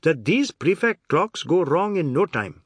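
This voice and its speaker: Man doing a gentle, hesitant man. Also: fairly high pitch, sing-song, a little slow, slightly rough, dry recording, pitched above the performer's own voice, full character voice. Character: anxious, mild-mannered man, proud new car owner.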